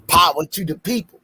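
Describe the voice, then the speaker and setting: A man with a Baltimore accent hosting a casual podcast and reading sponsor shout-outs, loud and playful, breaking into high shouts when he jokes. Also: husky, no room sound. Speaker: podcast host.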